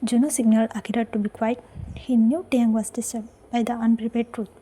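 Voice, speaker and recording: A woman reading a fan-fiction story aloud as its narrator, in a soft, breathy near-whisper. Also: a little high, little pitch movement, a little fast, rough recording.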